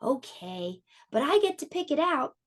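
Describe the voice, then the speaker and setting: A bouncy, squealing little frog boy from a children's storybook, all eager excitement, as a woman reading aloud puts him on. The voice sits very high and leaps about a lot. It is delivered slowly, as if for small listeners. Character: excited young boy frog learning to ride a bike.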